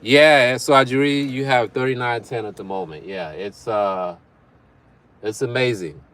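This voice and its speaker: A man's voice: mid-range voice, measured pace, fairly bright tone. A young man hosting a livestream in casual chat, reading viewer comments aloud, bantering and laughing often. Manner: laughs often between remarks. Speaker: livestream host.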